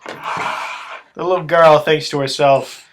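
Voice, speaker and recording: A young man hosting a casual improvised story, relaxed and joking with plenty of fillers. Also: fairly high pitch, slow, noisy background.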